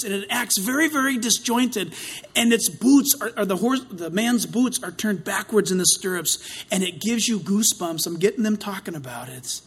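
A man preaching a sermon, swinging between loud outcries and hushed asides, with a dramatic delivery. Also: sits high, husky.

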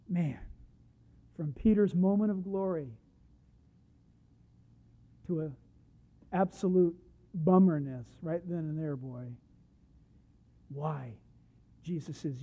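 A man preaches a sermon in a fairly high voice. He goes from hushed asides to loud, pressing points and acts out the scripture stories he tells. The recording sounds muffled and lo-fi. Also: slow pace, long pauses. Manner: emphatic, swings from hushed to loud; acts out the Bible quotes he tells.

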